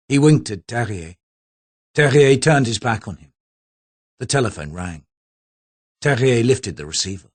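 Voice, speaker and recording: A man narrating a thriller audiobook in a steady, low-key way. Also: measured pace, pauses often. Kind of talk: scripted narration.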